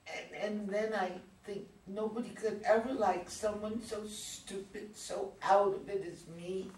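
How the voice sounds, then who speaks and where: A woman's voice: medium pitch, steady tone, measured pace, darkish tone, natural voice. A woman reading the part of an awkward, self-conscious teenage girl in a reader's theater play, talking in an emotional, rambling way. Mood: upset. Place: community theater reading room. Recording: echoey room, mic far off, some hiss.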